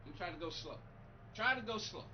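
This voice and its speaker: A man's voice: sits high, lively intonation, a little fast, dull audio, a little hiss or hum. A man live-streaming a racing game, chatting loosely with his viewers, irritated and rambling, often repeating himself. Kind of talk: casual live-stream chat reading viewer comments.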